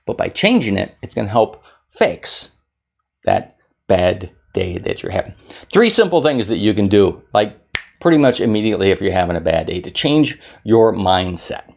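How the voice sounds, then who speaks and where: A man who works as a keynote speaker and magician, giving an energetic motivational talk to camera and acting out moods in little put-on voices. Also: on the low side, normal speed, vocal fry.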